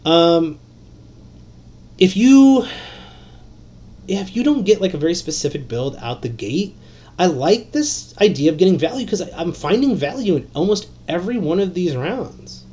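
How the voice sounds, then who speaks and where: Excitable rambling male podcast host, muffled. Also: a little high, moderate pace. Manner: rambling, excitable, with profanity and fillers. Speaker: fantasy basketball podcast host. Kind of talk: solo podcast talk.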